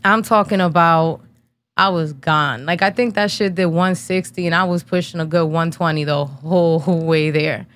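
Fighting back tears, a podcast host in her thirties from New Jersey relates a painful personal story in a blunt, casual way, packed with slang and profanity. Her slightly low voice is steady and fairly bright at normal speed, with no echo and studio quality.

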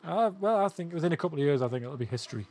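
A man co-hosting a podcast in casual chat over retro games. His voice sits a little high and swings lively up and down as he talks, blunt and playful with plenty of swearing. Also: racing. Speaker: podcast co-host.

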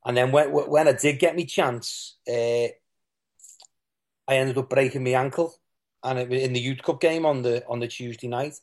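A man's voice: mid-range voice, fairly even intonation, moderate pace. A man, a former footballer, telling candid stories in an interview and often quoting what people said. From England. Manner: rambling, with restarts and quoted asides.

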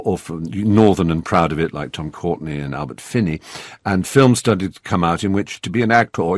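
Brief: very low, husky-voiced English host with a plummy upper-class accent, animated and wry, dry studio sound. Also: male voice, no room sound. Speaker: radio host. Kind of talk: radio interview.

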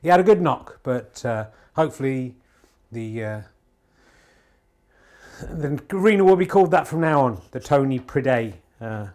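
A man hosting a podcast, doing mock snooker commentary at home in a deadpan ironic way, rambling with many filler pauses. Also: mid-range voice. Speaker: podcast host. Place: home TV room.

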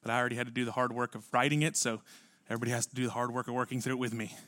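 A man preaching a sermon in a conversational style, asking the congregation rhetorical questions and often dropping to a quiet voice. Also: mid-range voice, flat delivery, rapid-fire, no room sound, clean studio sound. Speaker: pastor.

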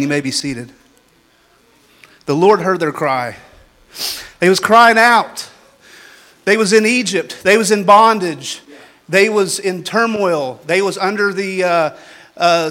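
A man preaching a sermon in a folksy, repetitive way, building up to shouted exhortations. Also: high-pitched. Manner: folksy, ungrammatical phrasing.

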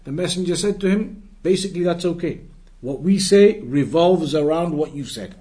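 A man's voice: on the high side, lively intonation, dark tone. Man teaching a patient religious lesson. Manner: explains patiently, repeating phrases and rewording; recites Arabic passages quickly. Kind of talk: Islamic lesson reading and explaining.

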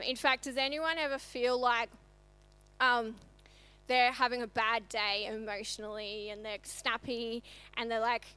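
A woman's voice: a little high, pushed and bright, smooth. A woman, telling a story in a conversational church sermon. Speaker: church speaker. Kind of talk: sermon testimony.

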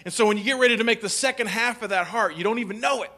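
A man telling a humorous family story to an audience, animated and playful. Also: high voice, very fast. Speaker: speaker.

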